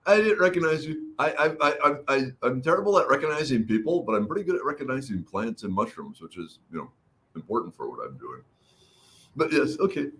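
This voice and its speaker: A man's voice: mid-range voice, animated, a little fast, fairly bright tone. A middle-aged man hosting a casual livestream, greeting viewers by name and chatting while his throat recovers. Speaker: livestream host. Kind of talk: casual livestream chat reading comments.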